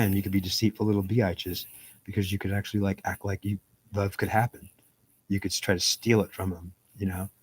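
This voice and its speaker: Husky low-voiced man arguing with himself. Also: darkish tone. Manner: argues both sides of an imagined dialogue with himself; repetitive, circling phrasing. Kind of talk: rambling self-recorded monologue.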